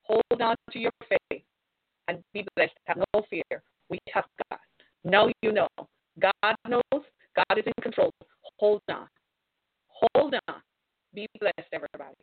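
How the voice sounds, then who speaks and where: A middle-aged woman hosting a radio sermon. She preaches fervently and swings from loud to hushed. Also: medium pitch, measured pace, breathy edge, dry recording. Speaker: host and preacher. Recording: tinny phone-line sound.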